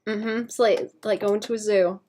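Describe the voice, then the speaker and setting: A woman streaming as she draws, chatting to her viewers in a soft, rambling way with frequent fillers and light laughs. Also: mid-range voice, steady tone, normal speed, a little hiss or hum. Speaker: art streamer. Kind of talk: casual chat while drawing.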